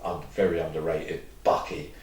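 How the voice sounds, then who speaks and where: A man's voice: rumbling low, level tone, normal speed, far from the mic. A man, an interview guest telling long, rambling stories and acting out what others said. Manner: rambling, acts out quoted dialogue. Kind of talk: candid storytelling interview. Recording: roomy echo, mic set back.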